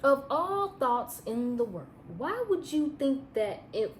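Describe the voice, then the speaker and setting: A young woman telling a personal story in a casual, profane, animated way, often breaking into laughter. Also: sits high, slow pace, few pauses, a little hiss or hum. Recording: echoey room with faint ambience.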